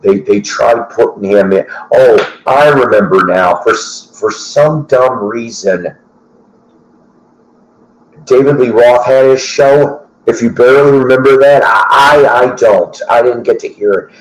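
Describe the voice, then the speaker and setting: A man's voice: mid-range voice, a little slow. A middle-aged man hosting a casual chat, rambling and conversational with lots of fillers and restarts. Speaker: host. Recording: roomy echo.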